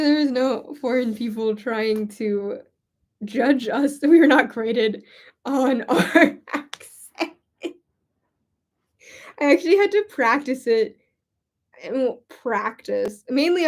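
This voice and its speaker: A young woman with a slightly high voice talks casually as she works on a quilt. She giggles often, rambles between thoughts and pokes fun at herself. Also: unhurried. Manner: giggly, rambling, self-mocking. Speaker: crafting YouTuber. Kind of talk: casual chat while quilting.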